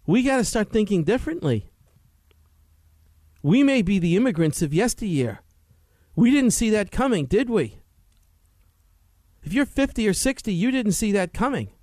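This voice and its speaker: High-voiced preachy male health show host. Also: moderate pace, pauses often, no room sound. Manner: preachy, rhetorical questions, lively. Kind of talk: animated health talk monologue.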